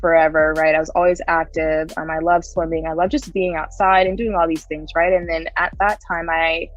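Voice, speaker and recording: A lowish-voiced woman talks through her story as a podcast guest, loose and chatty, laughing as she goes and checking in with "right?" every few lines. A faint music bed sits under her voice. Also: flat delivery, a little fast, dull audio. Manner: chatty, laughs often, frequent "right?" tags. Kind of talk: casual interview storytelling.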